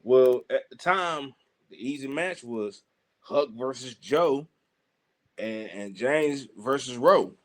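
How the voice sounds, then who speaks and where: A young man with a Southern US accent, telling animated stories on a podcast and acting out the voices of people he quotes. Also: mid-range voice, slow. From Southern United States. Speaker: podcast guest. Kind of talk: casual storytelling.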